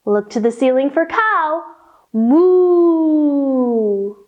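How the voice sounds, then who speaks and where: Woman leading a children's yoga storytime; high, bouncy voice, unhurried and playful. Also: very animated, narrow, tinny audio. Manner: slow, playful sing-song instructions to children. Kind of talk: guiding a kids' yoga storytime.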